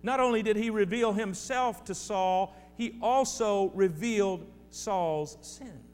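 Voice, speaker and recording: Speaking at a slow pace in a high, slightly mellow voice, this pastor delivers an emphatic sermon full of repeated phrases aimed directly at his congregation. Long hall reverb and a faint hum color the audio.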